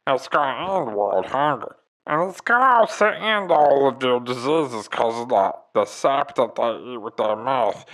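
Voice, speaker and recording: A man's voice: medium pitch, big pitch swings, measured pace, fairly bright tone, low-quality recording. A man voicing a bumbling alien woman envoy who rambles in folksy, rustic grammar, in an improv comedy scene. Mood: rambling.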